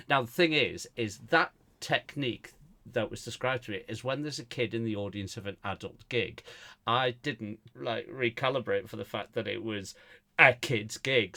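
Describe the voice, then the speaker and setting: Gravelly and fairly low, with a sharp tone and moderate pace, this male podcast co-host chats casually. His comedic story wanders, packed with fillers and false starts.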